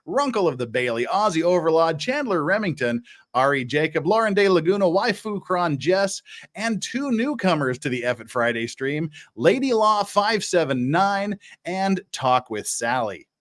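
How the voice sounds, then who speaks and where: A man's voice: fairly high pitch, very animated, normal speed, a bit bright. A man hosting a casual livestream, reading out super chats and joking with his co-host in playful banter.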